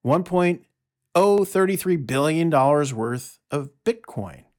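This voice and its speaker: A man hosting a solo audio monologue from his notes, talking in an emphatic, sarcastic way with quick asides. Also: on the high side, lively intonation, darkish tone. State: out of breath. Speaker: podcast host.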